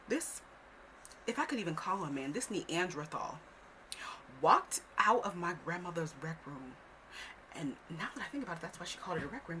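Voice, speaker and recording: Animated woman telling a storytime. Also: on the low side, a little hiss or hum. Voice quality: animated, swears freely, drops into whispers. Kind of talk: casual storytime vlog. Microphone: camera.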